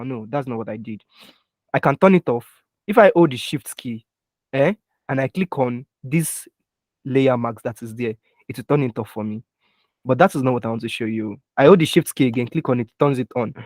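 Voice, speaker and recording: Through a computer mic that also catches keyboard taps, a young man runs a live online design tutorial, checking often that students follow as he explains shortcuts step by step. His voice is mid-range and darkish, with no room sound.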